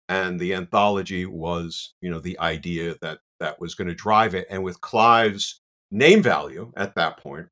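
Deep-voiced man telling a lively story. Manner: animated, self-deprecating, many "you know" asides. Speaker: guest. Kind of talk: casual anecdotal storytelling.

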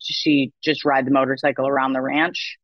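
A woman's voice: a bass voice, level tone, a little fast, no room sound, dull audio. A woman comedian who is a podcast guest, trading dry, wry quips in casual chat.

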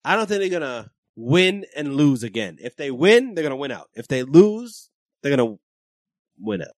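A man's voice: medium pitch, big pitch swings, moderate pace, dry recording, clean studio sound. A man in brash, casual chat, swearing constantly.

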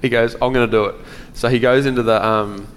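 A man's voice: medium pitch, fairly even intonation, a little fast, big-room sound, slight background noise. A man guest on a podcast who keeps laughing as he tells an old story. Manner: laughing often while recounting a story. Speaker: podcast guest, pro golfer. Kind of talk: casual storytelling.

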